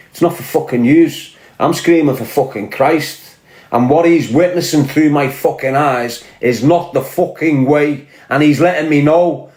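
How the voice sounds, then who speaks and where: An online commentator from Liverpool, speaking with a Scouse accent in a fairly high voice, rants angrily and profanely straight to camera in a confrontational way. The sound is reverberant.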